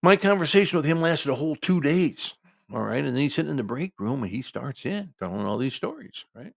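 Gravelly older man telling a story. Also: fairly high pitch, very animated, brisk, no echo, studio quality. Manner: emphatic, conversational, digressive. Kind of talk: casual spoken storytelling.

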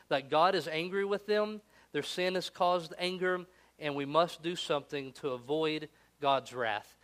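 Male pastor, a touch higher-pitched, earnest sermon delivery with solemn read passages. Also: fairly bright tone. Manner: earnest preaching, with slow solemn readings.

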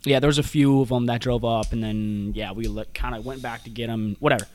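A man's voice: mid-range voice, steady tone, fairly quick, a little mellow. A young man telling a long, profane, rambling story in casual chat, laughing often.

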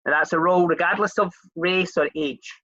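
Chatty Scottish interview host, bright voice. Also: mid-range voice, brisk, no echo, lo-fi sound. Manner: chatty, rambling, many fillers and restarts. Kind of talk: casual interview chat.

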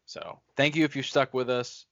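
A man's voice: mid-range voice, little pitch movement, moderate pace, fairly bright tone, no room sound. A man co-hosting a podcast, talking casually and bluntly about movies, swearing for emphasis. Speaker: podcast co-host. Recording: dry, dull lo-fi podcast audio.

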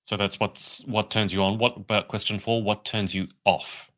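A male podcast host running an interview in a friendly, measured way. His voice sits a bit low with a bright, forward edge. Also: level tone. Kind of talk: interview hosting.

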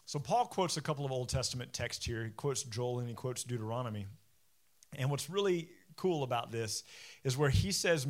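A young man preaching a sermon in a church, reading scripture and then speaking candidly and self-deprecatingly, animated when he quotes. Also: medium pitch. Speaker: pastor.

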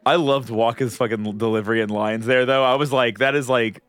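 Excitable swearing podcast guy. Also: mid-range voice, a little fast, clean tone, dry recording, faint music behind. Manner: excitable, laughs a lot, swears. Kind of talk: casual chat recapping a game.

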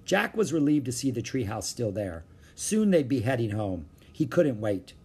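An animated, slightly husky male storyteller. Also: medium pitch, normal speed. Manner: expressive, animated narration. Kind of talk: reading a children's book aloud.

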